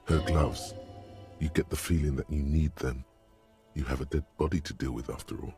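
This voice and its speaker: A man voicing the narrator of a video game, describing scenes in a measured, wry, literary way. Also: very deep voice, steady tone, dark tone, faint music behind. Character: brooding omniscient male game narrator.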